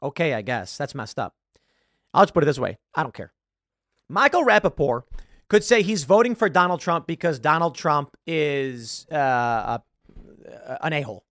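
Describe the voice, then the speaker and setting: A male host runs a political commentary monologue in an emphatic, argumentative way. His voice sits on the higher side and moves a lot in pitch. The sound is close and dry, with no room around it. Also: big pitch swings, moderate pace, fairly bright tone, dry recording. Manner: emphatic, argumentative, self-correcting.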